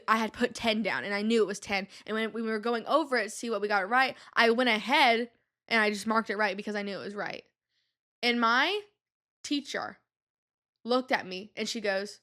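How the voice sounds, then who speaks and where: A young woman hosting a podcast, telling a story in an animated, slangy way with lots of fillers. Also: mid-range voice. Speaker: podcast host. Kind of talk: casual storytelling monologue.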